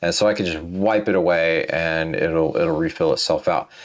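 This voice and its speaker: A man's voice: low-pitched, steady tone, moderate pace. A tired man hosting a casual programming walkthrough, thinking aloud with many fillers and restarts. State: tired, yawning. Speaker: programming tutorial host.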